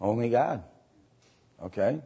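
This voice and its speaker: A man teaching a Bible study lecture, halting with fillers and often checking in with "right?" and "okay?". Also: mid-range voice, animated, creaky, warm tone, husky. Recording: dull lo-fi recording.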